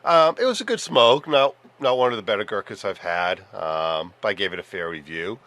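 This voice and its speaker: A man's voice: on the low side, expressive, fairly quick, bright, forceful tone, no room sound. A man co-hosting a podcast, chatting casually in an easygoing way with many fillers. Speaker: podcast co-host. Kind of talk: casual chat.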